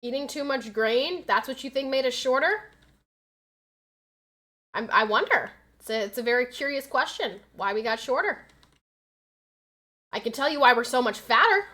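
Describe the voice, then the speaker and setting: A woman's voice: high-pitched, expressive, moderate pace, long pauses. An American young woman streaming a game, chatting casually, reading chat aloud and turning frantic when the action heats up. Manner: chatty, reads chat aloud, gets loud and frantic in fights. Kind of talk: casual live-stream chat while gaming.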